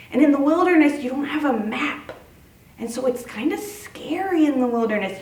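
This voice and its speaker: A woman pastor giving a sing-song, animated children's sermon to preschoolers in a church. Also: fairly high pitch, reverberant, far from the mic, low-quality recording.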